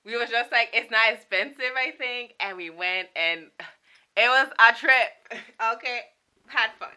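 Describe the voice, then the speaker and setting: A woman's voice: fairly high pitch, a little slow, sharp tone, smooth. A young woman from Saint Martin, chatting casually and playfully with laughing asides as a vlogger showing her souvenir collection. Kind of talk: casual chat.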